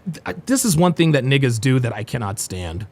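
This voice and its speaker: A man's voice: mid-range voice, big pitch swings, a little fast. A man hosting a live reaction stream, talking bluntly and mockingly and swearing freely as he comments on a debate clip.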